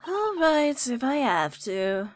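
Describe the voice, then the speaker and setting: Woman putting on a high-pitched brash pickpocket girl, slangy, animated, swooping voice. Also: takes it slowly, a little hiss or hum, full character voice. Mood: recounting. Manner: brash slangy street talk. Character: cocky young female street pickpocket.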